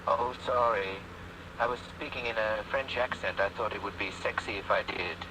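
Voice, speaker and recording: A man's voice: lowish voice, normal speed, noisy background. An AI voicing a theatrical British rock-star man. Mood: affectionate. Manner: calls everyone darling, theatrical and fussy. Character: AI chatbot imitating a flamboyant male rock singer. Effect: AI voice from a phone app. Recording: dull lo-fi phone speaker playback.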